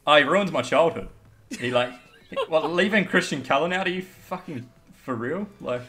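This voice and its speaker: A man's voice: fairly high pitch, animated, moderate pace, fairly bright tone. A young man, giving blunt, casual rugby opinions with swearing and frequent laughs. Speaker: guest pundit.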